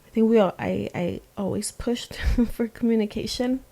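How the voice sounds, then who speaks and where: A woman in her thirties co-hosting a faith and marriage podcast, talking reflectively and softly with occasional laughs. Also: fairly high pitch, fairly even intonation, moderate pace, vocal fry. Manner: reflective, soft-spoken, laughs often. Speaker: podcast co-host. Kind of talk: casual faith chat.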